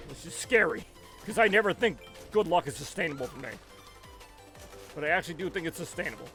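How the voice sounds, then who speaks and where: This live streamer, speaking through a headset, has a high voice that always sounds angry, even when he isn't. He chats casually on his stream, rambling in an animated way.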